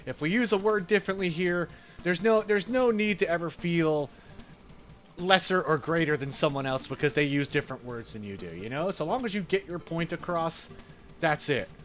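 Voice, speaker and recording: Faint music plays behind a fairly high-pitched man speaking at a moderate pace. He's a New Yorker with an Italian-American accent, laughing and making small talk as he streams a game.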